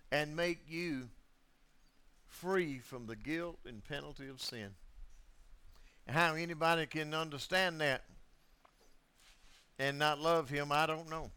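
A man preaching a sermon, swinging between loud declarations and hushed asides, and repeating key phrases for emphasis. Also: a little high, clean tone.

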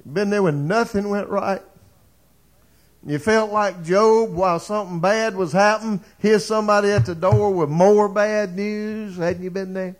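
A male preacher tells a story from the pulpit with dramatic flair, his voice sitting somewhat high for a man. He swings between hushed moments and rising, fervent appeals to his listeners. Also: fairly even intonation, a little slow. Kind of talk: sermon.

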